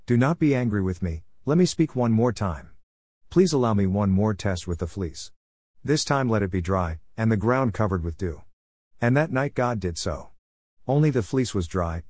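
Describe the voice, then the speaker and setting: Man, low voice, measured scripture reading, dry close sound. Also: a little mellow, dry recording. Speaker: reader.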